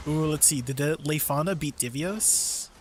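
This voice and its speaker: A man's voice: fairly high pitch, normal speed, music in the background. A man streaming a game, chatting casually with his viewers and laughing often. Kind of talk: casual live-stream chat. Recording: faint background noise.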